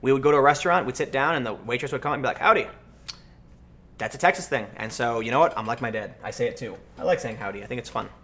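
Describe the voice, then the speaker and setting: An American man hosting a livestream, answering chat questions and telling stories in a casual, animated way. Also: mid-range voice, rapid-fire, few pauses. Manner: animated storytelling, acts out voices in anecdotes. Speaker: livestream host.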